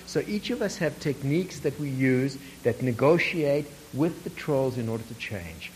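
A man's voice: mid-range voice, animated, normal speed, a little mellow, a little hiss or hum, rough recording. A man leading a workshop, telling a story to the group, asking them questions and chuckling often. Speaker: workshop facilitator.

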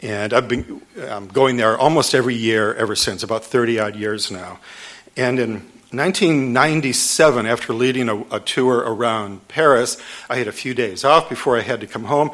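Animated man telling an author's story. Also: mid-range voice, moderate pace. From Detroit, USA. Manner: storytelling, animated with laughter, many restarts. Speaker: author giving a talk. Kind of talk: public book talk.

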